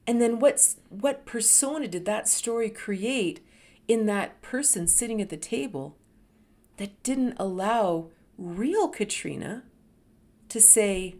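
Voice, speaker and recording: A middle-aged woman telling a personal story, animated and dropping to whispers for emphasis. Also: medium pitch, takes it slowly. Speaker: host.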